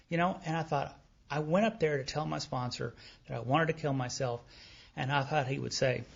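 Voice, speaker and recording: Male speaker, candid self-deprecating storyteller who acts out dialogue, husky voice, dull lo-fi live tape. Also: fairly high pitch, brisk. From Texas. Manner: animated storytelling, acting out remembered dialogue. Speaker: recovery meeting speaker. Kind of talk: personal story shared at a recovery meeting.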